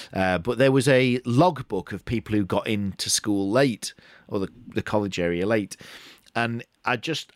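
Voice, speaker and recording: A man speaking in a fairly low register, chatting casually as a podcast co-host. He reads out strange news items and drifts into his own anecdotes with restarts along the way. The sound is close and dry, with no room around it. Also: dry recording. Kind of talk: casual chat.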